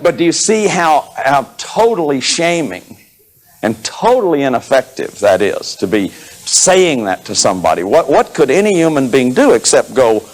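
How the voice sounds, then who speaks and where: This is a man in his fifties giving a lecture on therapy to an audience. His voice sits a little high and jumps around a lot. He acts out his examples, laughs often, and repeats words as he restarts his thoughts. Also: low-quality recording. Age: 50s. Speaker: therapist lecturing on inner child work.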